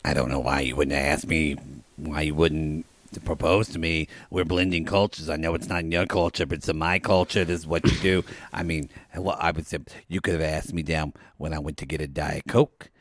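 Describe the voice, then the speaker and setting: A man's voice: a bass voice, fairly even intonation, normal speed, a bit bright, dry recording, pitched below the performer's own voice. A man voicing a demanding, easily offended middle-aged woman who complains dramatically about never being proposed to. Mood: complaining.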